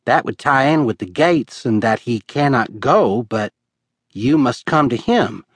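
A man voicing a curious, eager young woman who asks quick questions. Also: mid-range voice, expressive, husky, dry recording. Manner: quick, inquisitive.

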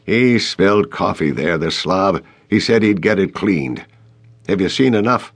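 A man doing a raspy, growling surly landlord. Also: sits low, expressive, unhurried, exaggerated voice. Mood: grumbling. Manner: grumbling, stubborn, rude. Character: surly raspy male building manager, lazy and grumbling. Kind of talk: audiobook character voice.

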